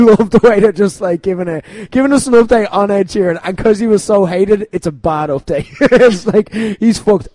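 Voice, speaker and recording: A man hosting a podcast, talking in an animated, casual way and swearing freely. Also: high voice, dry recording. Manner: animated, swearing, laughing often. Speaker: podcast host. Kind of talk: casual chat.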